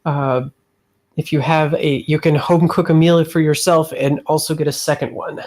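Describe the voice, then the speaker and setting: A man's voice: on the high side, flat delivery, normal speed, a little mellow. A man running a tabletop game as game master, narrating with many hesitations and easy laughs.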